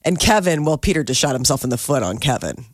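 A woman's voice: very deep voice, animated, quick pace, no room sound, clean studio sound. A middle-aged woman co-hosting a podcast, breezily chatting through celebrity news and laughing easily. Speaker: podcast co-host. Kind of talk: casual chat, reading celebrity news.

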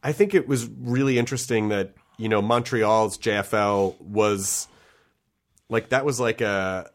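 A man's voice: on the low side, unhurried. Reflective, articulate male comedian guest. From American South, grew up in Memphis. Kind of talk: casual chat.

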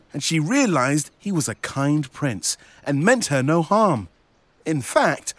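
A man narrating a children's story, animated and speaking to young listeners. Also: fairly high pitch, a little slow, dry recording.

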